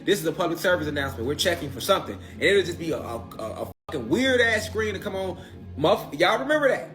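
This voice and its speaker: A man ranting in slangy, swearing casual talk, often asking the audience if they remember. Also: a little high. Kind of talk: animated casual rant.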